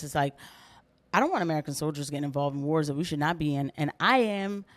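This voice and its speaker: A woman hosting a reaction commentary vlog, animated and rambling as she talks straight to her viewers. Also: fairly low pitch. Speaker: commentary vlogger.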